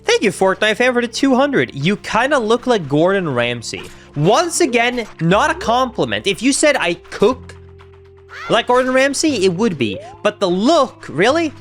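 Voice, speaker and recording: Young male streamer, lively swooping delivery, slightly higher voice, faint music behind. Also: normal speed. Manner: excitable, chatty, reacts aloud to the game and chat. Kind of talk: live gameplay commentary.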